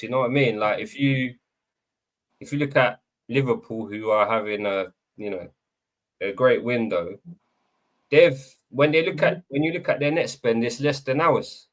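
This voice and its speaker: A man's voice: medium pitch, expressive, normal speed. Regular guy chatting footy on a stream, mid voice, takes his time. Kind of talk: casual live podcast chat.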